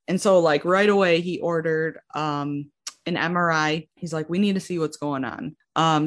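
A young woman in her twenties casually telling her own story, acting out what people said and using lots of "like". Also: sits low. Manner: animated, acts out quotes with lots of "like". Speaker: guest sharing her story.

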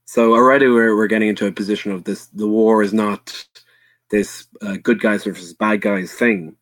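Speaking at a normal speed in a steady, low, dry voice, an Irish man chats casually about history for a podcast. His manner is earnest and blunt, full of stops and restarts, with the occasional swear word, and there's no room sound.

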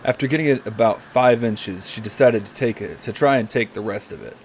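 A man's voice: mid-range voice, fairly quick, breathy edge. A man hosting a comedy podcast, reading a story aloud and often breaking into giggles.

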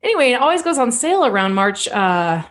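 A woman's voice: a little high, sing-song, quick pace. A woman co-hosting a casual talk show, chatty and inquisitive, telling stories with animation. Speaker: podcast co-host. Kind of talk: casual chat.

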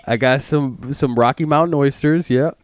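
A young man hosting a casual podcast, joking and laughing as he rambles through a meat-box pitch. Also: moderate pace, no room sound. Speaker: podcast host. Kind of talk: casual chat.

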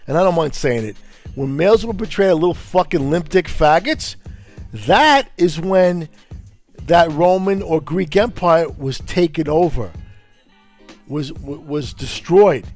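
A podcast host from Brooklyn, ranting angrily and profanely in a confrontational way. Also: male voice, a little high, lively intonation, unhurried, a little mellow, soft background music. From Brooklyn, New York. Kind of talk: angry profane rant.

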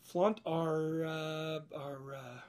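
A man hosting a podcast in casual chat, rambling and halting with frequent restarts and laughs. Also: fairly high pitch, steady tone, a little mellow. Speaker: podcast host.

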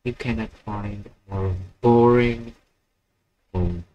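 A man's voice: lowish voice, fairly even intonation, slow, highs cut off. A young man hosting a live stream alone, rambling and mocking himself while he waits for viewers. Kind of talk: casual solo live stream chat.

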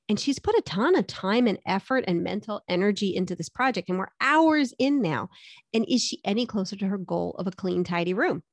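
A woman's voice: medium pitch, dry recording. A middle-aged woman coaching with a direct, upbeat delivery, putting rhetorical questions to the listener. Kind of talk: motivational coaching talk.

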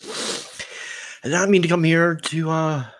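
A man hosts an unscripted solo podcast in a voice on the high side, fairly bright, slow, and fairly even in intonation, recorded dry. Musing reflectively, he rambles with restarts and repeated words, getting choked up as his voice trembles.

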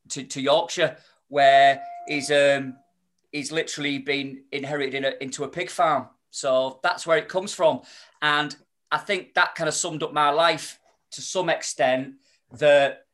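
A man's voice: on the high side, fairly bright tone. A man, chatting as a podcast guest, rambling with many restarts and fillers. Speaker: podcast guest, spoken-word performer. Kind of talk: casual podcast chat.

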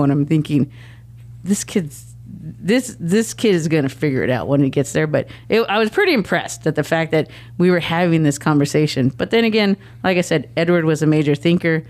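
A middle-aged woman sits in as an interview guest, recounting family stories. Her telling is animated, and she slips into the voices of the people she quotes as she goes. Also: lowish voice, fairly quick. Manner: animated, acts out quoted dialogue. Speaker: guest, mother of the athlete. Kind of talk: casual interview storytelling.

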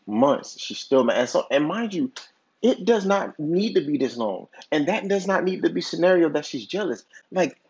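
Captured in dull lo-fi audio, a podcast host with a husky, mid-range voice and darkish tone tells a lengthy hypothetical story in a loose, casual way, restarting often and leaning on filler words.

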